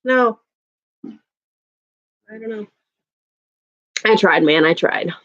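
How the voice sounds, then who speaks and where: A woman's voice: mid-range voice, expressive, very slow, a bit bright, lo-fi sound. A woman hosting a casual livestream, chatting with viewers, venting and laughing often. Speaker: livestream host reading chat.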